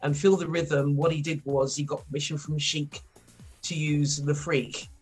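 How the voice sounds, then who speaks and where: A middle-aged woman from Wolverhampton with a mild West Midlands accent, chatting as a podcast guest, laughing often and filling pauses with ums. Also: deep voice, level tone, slightly rough, faint music behind. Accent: mild West Midlands English. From Wolverhampton, England. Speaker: guest, former rapper. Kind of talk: podcast interview.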